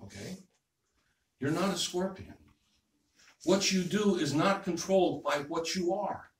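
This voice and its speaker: Relaxed man preaching in an echoey hall. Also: high voice, a little slow. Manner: conversational, repeats phrases, checks in with "okay?". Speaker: minister. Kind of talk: sermon. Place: church hall. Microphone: distant room mic. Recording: echoey hall, distant mic, faint noise.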